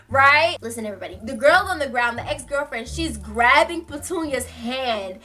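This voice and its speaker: Brief: animated woman storytime vlogger, high pitched, slangy and profane. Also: moderate pace, hardly any pauses. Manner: animated, slangy, swears freely. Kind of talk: casual storytime.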